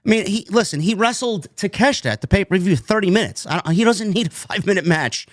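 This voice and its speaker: A fairly high-pitched man talks bluntly and with open exasperation, swearing as he goes. The sound is close and dry, with no room around it. He is reviewing the week's show as host. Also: expressive, fast, no room sound. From New York. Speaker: podcast host. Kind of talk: casual wrestling review chat.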